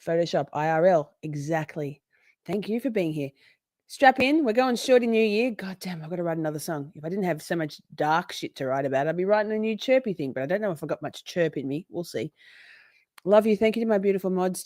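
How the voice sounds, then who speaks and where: A woman's voice: on the low side, fairly quick, darkish tone, no echo. A woman hosting a livestream, chatting casually in a rambling, playful way and swearing often. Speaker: livestream host.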